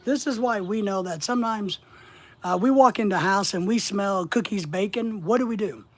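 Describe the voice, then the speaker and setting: A man hosting a relaxed live stream, speaking straight to his viewers. He drives points home by saying key words over and over, and he greets people by name as they drop in. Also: sits high, normal speed. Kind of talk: casual live-stream teaching.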